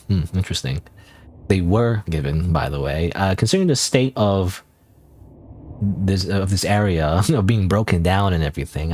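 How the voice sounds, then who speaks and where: A man's voice: low-pitched, darkish tone. A man streaming a game, thinking aloud in casual commentary with many restarts and hesitations.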